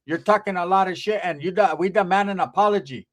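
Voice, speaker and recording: A man voicing his foul-mouthed aunt as she scolds and threatens him over the phone, in a slightly raised, louder voice. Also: sits high, fast, natural voice. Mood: angry scolding. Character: foul-mouthed angry middle-aged aunt, woman.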